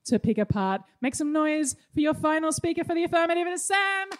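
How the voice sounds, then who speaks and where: A woman's voice: high voice, expressive, a little fast, noisy background. A woman hosting a live comedy debate, introducing speakers in an upbeat, announcing manner. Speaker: host.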